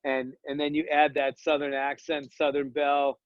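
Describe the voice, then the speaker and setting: A man talking as a podcast guest and dental business coach, energetic and joking, rambling with slang asides. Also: on the high side, normal speed, dry recording, dull audio. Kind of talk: casual podcast conversation.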